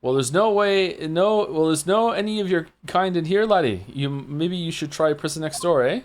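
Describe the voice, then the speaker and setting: A man voicing a gruff, suspicious male prison governor, attempting a Scottish accent. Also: mid-range voice, moderate pace, slight background noise, natural voice. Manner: blustering and suspicious.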